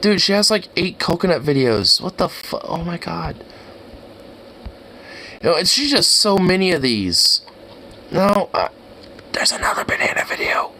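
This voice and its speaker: Young guy reacting to vids, bright voice, swears a lot, keeps going "what, what, dude". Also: sits high, unhurried, long pauses, slight background noise. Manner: incredulous, excitable, swears a lot, stammers. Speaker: reaction video host. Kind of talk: casual reaction commentary.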